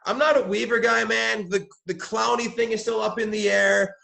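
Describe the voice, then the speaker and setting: A young man co-hosting a casual sports talk show, giving animated, opinionated football draft analysis. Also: sits high, moderate pace, creaky. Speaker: podcast co-host, mock draft participant.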